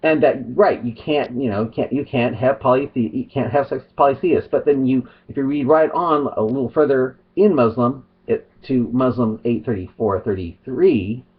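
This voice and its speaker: A man's voice: medium pitch, moderate pace, few pauses, husky, phone-quality sound. A middle-aged man talking casually to his webcam, rambling and restarting his sentences. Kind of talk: casual vlog monologue. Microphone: webcam or phone.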